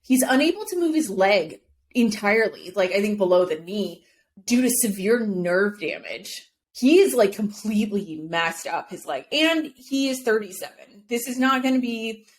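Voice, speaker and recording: A woman's voice: mid-range voice, animated, normal speed. A woman co-hosting a sports podcast, chatting casually and explaining at length with frequent laughs. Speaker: podcast co-host.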